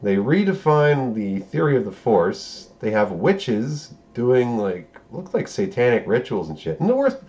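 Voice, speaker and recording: A man's voice: medium pitch, big pitch swings, measured pace, hardly any pauses, a little mellow, lo-fi sound. A man giving a casual recap of a show episode, profane and sarcastic, breaking into incredulous outbursts. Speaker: show reviewer.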